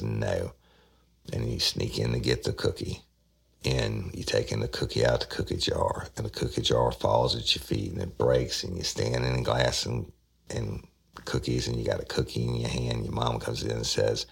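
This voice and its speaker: Male storyteller, very deep gravelly voice, loose conversational drawl. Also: sharp tone. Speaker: podcast host telling a true story. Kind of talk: casual storytelling.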